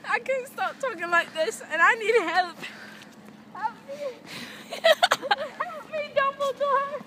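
A woman's voice: extremely high pitch, slow, sharp tone, pitched above the performer's own voice, exaggerated voice. A young woman putting on a silly, giggly, sing-song voice while goofing around outdoors. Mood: playful. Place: outdoors on a university campus. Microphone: phone camera. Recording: phone video with clear street noise outdoors.

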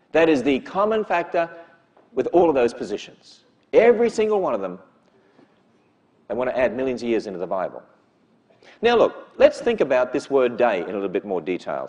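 A man's voice: on the high side, a little mellow. A man gives an emphatic lecture to a church audience, often putting rhetorical questions to them. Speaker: speaker addressing a church audience.

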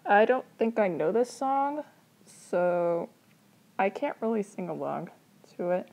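Woman narrator, gravelly and mellow, casual story reading with asides. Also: mid-range voice, lively intonation, slow, poor audio. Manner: reads dialogue in a light voice, sings the song lyrics.

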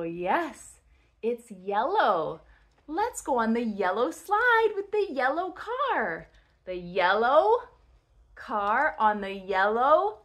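A woman teaching toddlers first sentences, with playful, exaggerated, drawn-out words in a slow sing-song. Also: high-pitched, sing-song, fairly bright tone.

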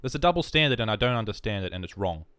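A man's voice: on the low side, animated, rapid-fire, fairly bright tone, no room sound. A man with an Australian accent rambling in casual, jokey, self-mocking commentary over a video game. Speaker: gaming YouTuber. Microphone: headphones and desk mic.

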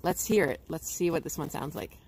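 A woman's voice: low-pitched, brisk, a little mellow, slight background noise, low-quality recording. A woman educator giving a playful livestream nature lesson to schoolchildren. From Canada. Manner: bubbly, playful, imitates bird calls.

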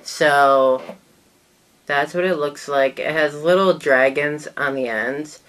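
A woman's voice: sits low, takes it slowly, fairly bright tone. A woman vlogger in a casual show-and-tell talk to the camera, chatty and rambling, often trailing off mid-sentence.

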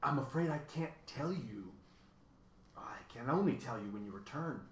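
A man voicing a pompous male math wizard who thunders loudly and turns to ominous hushes, in an echoey room. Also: mid-range voice, lively intonation, normal speed, a little hiss or hum, natural voice. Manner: thunders loudly, then drops to ominous hush.

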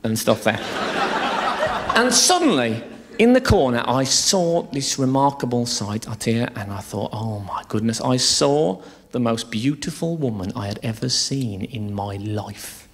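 A man's voice: medium pitch, animated, measured pace, breathy edge. A man doing a live stand-up routine on a theatre stage, telling bawdy, swear-laden stories in a chatty way. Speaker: stand-up comedian.

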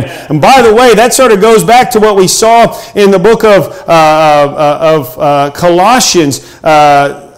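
A middle-aged male pastor preaching a sermon, earnest and emphatic, with frequent hesitations. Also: high voice.

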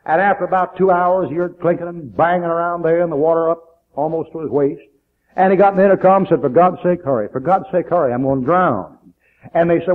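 A man preaching a sermon, emphatic, telling a story and dropping to low asides. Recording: tinny phone-like old recording.

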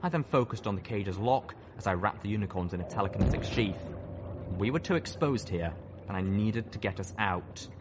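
A low-voiced man narrates a story with steady intensity. Loud artillery and engine sound effects fill the background under his reading. The delivery is dramatic, first-person audiobook storytelling. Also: fairly quick. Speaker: audiobook reader. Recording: noisy with battle sound effects.

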